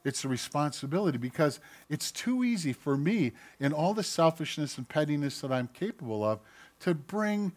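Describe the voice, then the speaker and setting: A man preaching a sermon, swinging from loud mocking outbursts to quiet asides and acting out quoted voices. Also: mid-range voice. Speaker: pastor.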